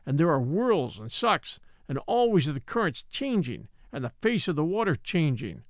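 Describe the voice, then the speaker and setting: A man's voice: a little high, very animated, no room sound. A man reading a grave, patient old native elder. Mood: solemn. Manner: slow, solemn, formal old-fashioned speech.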